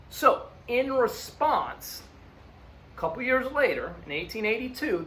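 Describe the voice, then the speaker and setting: A man's voice: high voice, fairly bright tone, slight background noise. A male history teacher lecturing in a conversational way, checking in with the class often. His voice swings widely and animatedly, rising and falling as he stresses points. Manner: conversational, frequent "okay?" and "look" check-ins.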